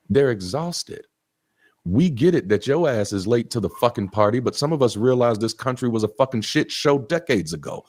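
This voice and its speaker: A man's voice: medium pitch, lively intonation, moderate pace, darkish tone, no echo. A man giving an earnest, preachy motivational talk with blunt profanity.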